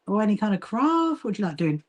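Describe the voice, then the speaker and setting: A woman from Brighton, England, with a southern English accent, chatting casually on a livestream while she sews and greets viewers by name. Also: medium pitch, big pitch swings, quick pace. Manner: chatty, reads and greets viewer comments, frequent fillers and laughs. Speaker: livestream host, quilting association founder.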